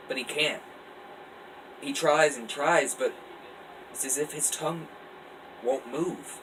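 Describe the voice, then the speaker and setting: A man casually reading his own story aloud in a relaxed, offhand way. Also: medium pitch, measured pace, pauses often. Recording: distant mic, faint air-conditioner hum. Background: faint air-conditioner hum.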